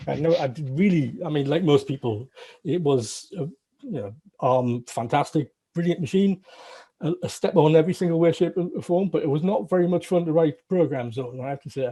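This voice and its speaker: A middle-aged man with a Northern English accent reminisces in a loose, rambling way. His humour is wry and self-deprecating. His voice is dark and mellow with a husky edge, and it sits a little high for a man. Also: moderate pace. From Northern England. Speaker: guest, former games programmer. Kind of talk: casual interview recollection.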